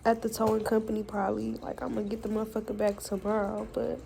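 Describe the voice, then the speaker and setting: A young woman speaks to her camera in a personal vlog, venting with blunt, profane frankness. Her voice sits a little high and carries a gravelly fry. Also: monotone, fast talker, dark tone, poor audio. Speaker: vlogger.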